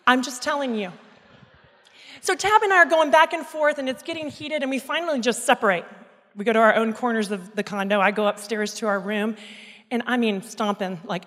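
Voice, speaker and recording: A woman in her thirties speaking into a microphone at a church service, telling a candid personal story in an animated, self-mocking way. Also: fairly high pitch. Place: church auditorium. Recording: echoey hall sound.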